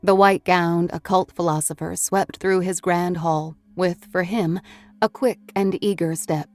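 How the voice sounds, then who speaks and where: A woman's voice: on the low side, steady tone, a little slow, no room sound. A woman reading a horror novel aloud as an audiobook narrator, in a scripted storytelling manner.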